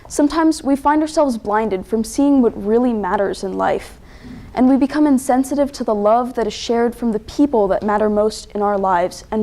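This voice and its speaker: A teenage girl performing a dramatic interpretation, narrating with deliberate pauses and emotion. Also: a little high, mellow. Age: teens. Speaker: student competitor.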